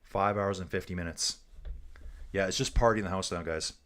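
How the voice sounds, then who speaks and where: A man's voice: deep voice, fairly even intonation, brisk, fairly bright tone. A man hosting a casual livestream, giving race commentary and reading viewer comments aloud in a chatty, joking way.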